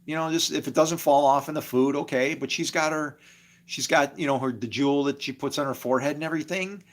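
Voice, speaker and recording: A man's voice: a little high, fast talker. A man talking casually on a live stream, rambling from story to story and chuckling often, with preachy asides. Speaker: livestreamer.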